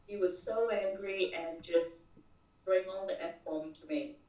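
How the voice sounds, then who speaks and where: Her voice is mid-range and warm, her pace measured, as this woman tells a work story during an interview where she's the guest. The talk is casual, she often repeats words at the start of sentences, and the recording has roomy echo from a distant mic.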